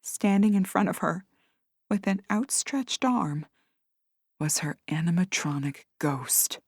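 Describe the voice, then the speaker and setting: A woman narrating an audiobook in a measured, expressive way. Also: on the low side, slightly rough, dry recording, clean studio sound. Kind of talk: scripted narration.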